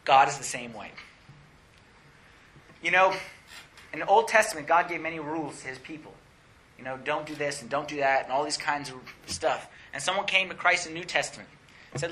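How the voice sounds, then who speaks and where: Young male preacher, high and very bright voice, animated and laughing often. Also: normal speed, pauses often, slight background noise. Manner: animated, laughing often, rising to excited pitch. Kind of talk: sermon.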